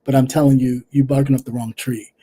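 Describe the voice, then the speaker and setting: A casual live-stream commentator speaks straight to a viewer in a blunt, sassy manner. The voice is warm and mellow, with phrases repeated for emphasis. Sentences often trail off into quiet fillers. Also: medium pitch, level tone, fast talker, breathy edge. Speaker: livestream commentary host.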